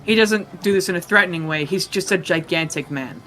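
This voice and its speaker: A man's voice: high voice, fairly quick, pushed and bright, slight background noise. A man narrating as game master of a tabletop game, in a loose, rambling, joking way.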